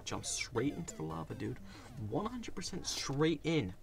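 A hoarse young man giving casual commentary while playing a game, getting frustrated and yelling at it. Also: on the high side, very animated, measured pace, faint music behind. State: hoarse, voice worn out. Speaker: gaming video creator.

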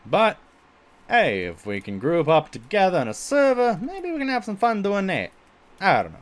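A man's voice: high voice, wildly swooping pitch, normal speed. A male streamer chatting casually while he plays a game, exclaiming at it and saying he gets stuck in a put-on voice. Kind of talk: casual gameplay chat.

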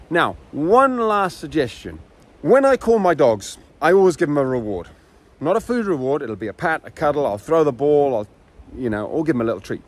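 A man giving dog training tips in a casual, chatty way, acting out the dogs and owners as he explains. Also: mid-range voice. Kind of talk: casual instructional talk.

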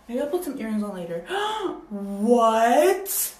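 Excitable young woman in an echoey room. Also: on the high side, a little slow. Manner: excitable and dramatic, with sudden loud exclamations. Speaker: beauty vlogger. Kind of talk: casual vlog chat. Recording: echoey room with faint noise.

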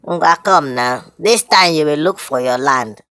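A man's voice: on the high side, unhurried, heavy background noise. A Nigerian man in a comedy skit, talking in a threatening, blustering way.

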